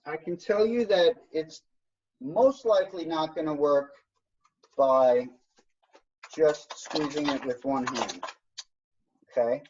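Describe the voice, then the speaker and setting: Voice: mid-range voice, takes it slowly, pauses often, darkish tone, breathy edge. An instructor teaching an online science workshop, explaining step by step in an encouraging way over a video call. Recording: dull lo-fi video call audio.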